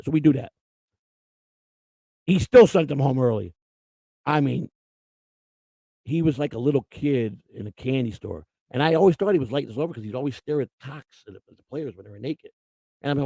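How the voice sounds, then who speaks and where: A man's voice: medium pitch, expressive, a little fast, vocal fry, long pauses, warm tone, dry recording. An older man hosting, telling rambling, profane anecdotes with quoted voices. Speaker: host. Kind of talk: casual storytelling.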